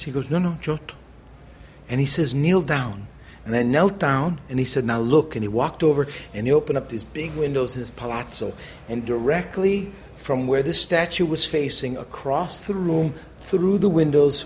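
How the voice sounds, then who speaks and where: A middle-aged American man, a chef as interview guest, telling animated stories and acting out the people he quotes. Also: mid-range voice, a little hiss or hum. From United States. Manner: animated, acts out quoted voices, quick bursts. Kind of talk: conversational storytelling.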